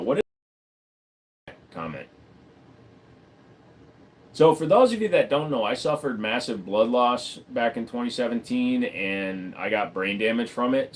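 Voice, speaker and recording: Male livestream host, loose and foul-mouthed, reads chat and riffs off it. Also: fairly low pitch. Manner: blunt, profane, rambling, reads chat aloud.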